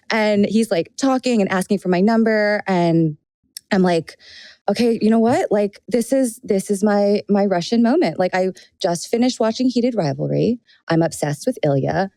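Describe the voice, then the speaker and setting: A woman co-hosts a podcast in a chatty, storytelling manner and laughs often. Her voice sits at a middle pitch. It is recorded close and dry, with no room sound. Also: normal speed, dark tone, no echo. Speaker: podcast co-host. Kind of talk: casual chat.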